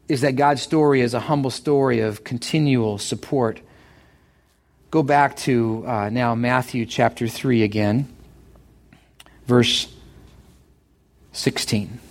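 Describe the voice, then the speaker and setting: A middle-aged man preaching a sermon as pastor, animated and excitable, often stumbling and repeating words. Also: medium pitch. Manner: animated, builds to excited bursts.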